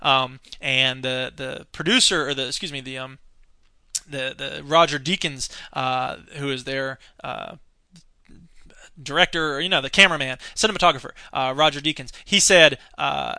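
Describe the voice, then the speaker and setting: A man teaching a film class, talking off the cuff and often pausing with fillers as he searches his notes. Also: mid-range voice, vocal fry, sharp tone, clean tone, dry recording. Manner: hesitant, many fillers, searching through notes. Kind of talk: unscripted film commentary lecture.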